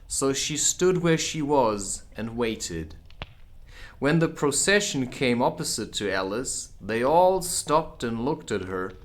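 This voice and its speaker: A man reading a children's classic aloud as an audiobook, with casual asides. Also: medium pitch. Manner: unhurried, expressive, drops in casual asides. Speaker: audiobook reader. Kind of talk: audiobook narration.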